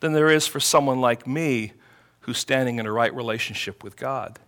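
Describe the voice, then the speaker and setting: A man's voice: mid-range voice, normal speed, a bit bright. A man preaching a sermon, explaining a scripture text with emphasis when quoting it. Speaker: pastor.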